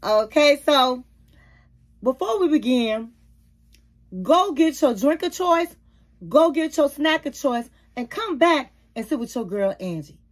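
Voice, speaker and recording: High pitched lady youtuber doing a slow chatty show recap, calls everyone honey and baby. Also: expressive. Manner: chatty, addresses viewers as queens, honey and baby. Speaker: YouTube reality-TV reviewer. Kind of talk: casual recap and commentary.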